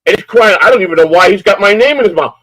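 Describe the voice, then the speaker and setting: Older male streamer, furious profane rant, fairly high voice, dry close mic. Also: lively intonation, racing, a bit bright, no echo, rough recording. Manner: profane, threatening, repetitive. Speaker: live-stream host. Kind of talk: angry live-stream rant.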